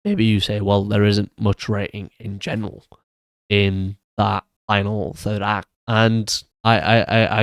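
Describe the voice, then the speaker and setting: A man's voice: fairly low pitch, no room sound. A man giving casual solo commentary on film awards, hesitant and full of restarts and fillers. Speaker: film reviewer.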